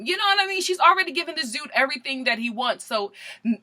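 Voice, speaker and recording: A woman's voice: sits high, animated, quick pace, pushed and bright. A young woman giving a sassy, comedic recap of a reality show, laughing often and repeating her punchlines. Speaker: vlogger reviewing a reality show.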